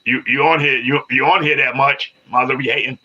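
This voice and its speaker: A man's voice: medium pitch, fairly even intonation, a little fast, sharp tone, muffled recording. A man in his fifties chatting live with viewers, repeating himself and arguing back at commenters. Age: 50s. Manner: repetitive, restarts phrases, argues back at commenters. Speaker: livestreamer. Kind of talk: casual live-stream chat with viewers.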